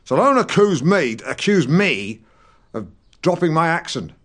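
Alan Partridge, pompous riled broadcaster. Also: male voice, a little high, very animated, unhurried, a bit bright. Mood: ranting. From Norfolk. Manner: pompous, defensive, rambling, easily riled. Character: pompous, touchy middle-aged male broadcaster. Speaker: podcast host. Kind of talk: comic scripted monologue.

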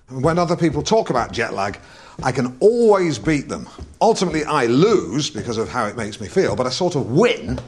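An English actor playing a pompous, pedantic, self-satisfied broadcaster who rambles through a scripted comedy monologue. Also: male voice, medium pitch. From England.

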